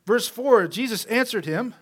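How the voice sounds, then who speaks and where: A male pastor preaching a conversational sermon, asking rhetorical questions and letting his voice fall soft at the ends of phrases. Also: very high voice, expressive, a little slow.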